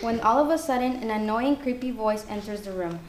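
A woman's voice: on the high side, a little fast, a little mellow. A woman reading her own ghost story aloud, earnest and careful, correcting herself now and then. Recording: echoey room with faint background noise.

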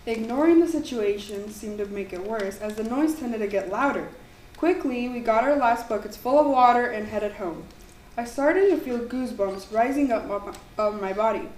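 A woman reading her own ghost story aloud in an earnest, slightly halting way. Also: on the high side, a little mellow. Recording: echoey room, mic far off, faint background noise.

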